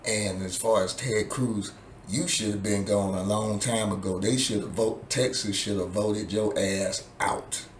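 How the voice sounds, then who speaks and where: A man's voice: fairly low pitch, steady tone, measured pace, a little hiss or hum. A man in a vlog, delivering an angry, profane political rant that keeps circling back to the same points. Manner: profane, heated, repetitive. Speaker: vlogger. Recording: echoey room with faint ambience.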